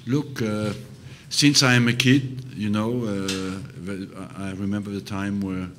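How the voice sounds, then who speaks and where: An older man, a football manager, answering press questions slowly and hesitantly, with many fillers. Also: on the low side, steady tone, a little hiss or hum.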